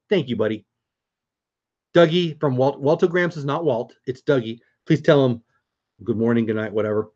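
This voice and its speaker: A man's voice: medium pitch, normal speed, long pauses, darkish tone, highs cut off. Chatty man reading live-stream comments. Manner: chatty and upbeat, answers viewer comments. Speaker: vlogger hosting a live stream.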